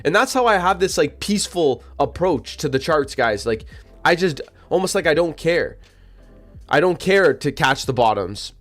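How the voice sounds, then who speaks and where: A man's voice: fairly high pitch, very animated, moderate pace, fairly bright tone, soft background music. A man hosting a live trading stream, talking casually and directly to his chat with slangy, repetitive phrasing, hiccuping now and then. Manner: chatty, slangy, addresses chat directly, repeats himself. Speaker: livestream trading host. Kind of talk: casual livestream commentary.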